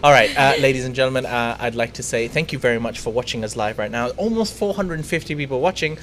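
An upbeat man co-hosting a casual live stream, joking around and thanking his viewers. His pitch sits in the middle for a man, with a faint hiss in the background. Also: fast talker, a bit bright. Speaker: livestream co-host.

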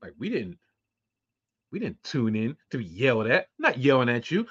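A man's voice: medium pitch, wildly swooping pitch, normal speed, a bit bright, slightly rough. A man in his forties hosting a solo podcast, ranting with a lot of profanity. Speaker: podcast host. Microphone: close to webcam. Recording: dull lo-fi sound.

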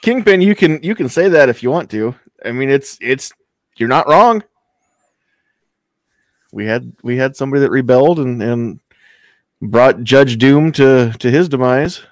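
A man's voice: medium pitch, expressive, a little slow, long pauses, no echo. A man co-hosting a casual talk show about movies, rambling and restarting his sentences, laughing easily. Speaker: podcast co-host. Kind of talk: casual chat.

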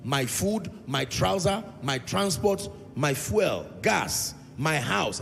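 A man's voice: high voice, sing-song, slow, gravelly, few pauses, faint music behind. A man preaching a sermon in a large church hall, pressing his point with repeated phrases and sometimes half-singing his lines. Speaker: pastor.

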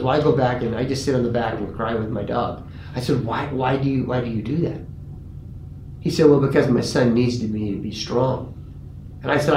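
A pastor telling a story in a conversational way, earnest, and lively when he quotes people. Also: medium pitch. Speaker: pastor and grief guest. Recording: roomy with faint ambient noise.

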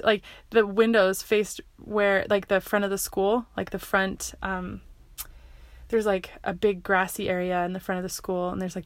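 A woman tells a personal story in a loose, chatty way, circling back and correcting herself as she goes. Her voice sits at an ordinary middle pitch. The sound is close and dry, with no room echo. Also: fairly bright tone. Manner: rambling, full of likes and restarts.

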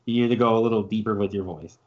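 A man co-hosting a casual chat, relaxed, with many likes. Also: fairly low pitch, very fast, lo-fi sound. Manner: relaxed, heavy use of "like". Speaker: podcast co-host.

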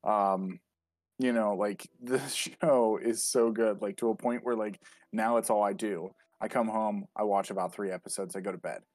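A man's voice: lowish voice, steady tone, moderate pace, darkish tone, no room sound, studio quality. A man co-hosting a casual podcast, talking about a show in a rambling, amused way. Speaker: podcast co-host. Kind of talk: casual chat.

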